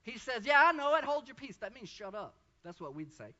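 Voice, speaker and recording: Fervent male preacher, high piercing voice that rises into shouts, heard on a dull lo-fi recording. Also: sing-song, fairly quick. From Texas. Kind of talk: sermon.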